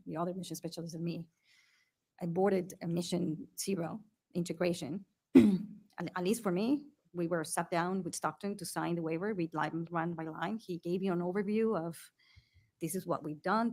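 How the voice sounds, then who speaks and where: A woman's voice: lowish voice, normal speed. A woman testifying at a hearing as a witness, speaking hesitantly with many fillers and restarts.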